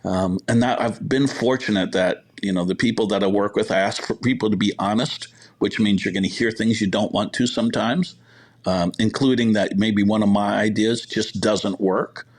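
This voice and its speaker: A man's voice: lowish voice, fairly even intonation, normal speed. A middle-aged man, a podcast guest, telling long work anecdotes in a casual, rambling way full of fillers and quoted dialogue. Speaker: podcast guest, hospitality executive. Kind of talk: casual storytelling interview.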